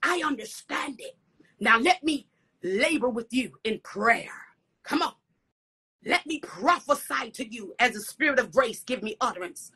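High, bright-voiced fervent woman preacher. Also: lively intonation, a little slow. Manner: breathy whispered asides, repeated "come on" and "hallelujah". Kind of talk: fervent sermon with prayer.

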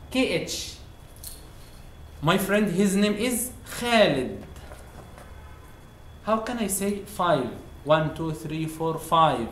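An Egyptian-accented man teaches a language lesson at an unhurried pace, repeating each sound patiently in plain, simple phrasing. His voice carries a noticeable room echo. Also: sits high, lively intonation, a little hiss or hum. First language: Arabic. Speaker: Arabic teacher. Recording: roomy echo.

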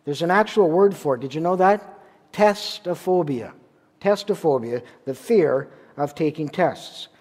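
A man's voice: fairly high pitch, expressive, normal speed, hardly any pauses, a little mellow. A man from Ontario, Canada, preaching a sermon as a pastor, telling a story in a conversational way with rhetorical questions. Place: church sanctuary. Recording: long church reverb.

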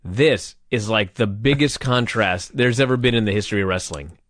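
A man co-hosting a podcast, chatting about old wrestling in a jokey, animated way. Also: on the low side, normal speed, no echo. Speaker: podcast co-host. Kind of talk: casual wrestling review chat.

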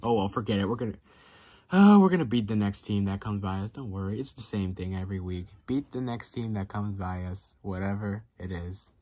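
A man's voice: on the low side, fairly quick, warm tone. A YouTuber man giving casual reaction commentary, swinging between cheering and panicked repetition.

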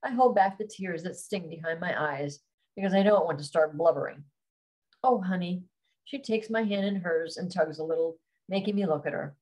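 A woman author reading her own romance novel aloud on a live stream, calm and steady, then chatting to viewers. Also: fairly low pitch, brisk, rough recording.

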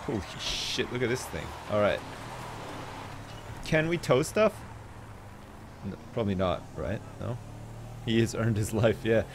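A man streaming a video game, commenting live in an excitable, jokey way with plenty of swearing. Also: lowish voice, a little slow, long pauses, background noise.

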